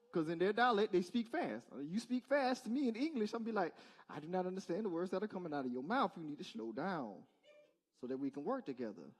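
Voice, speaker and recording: A male pastor giving a conversational sermon in church, asking the congregation rhetorical questions in a casual, direct way. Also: high voice. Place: church service.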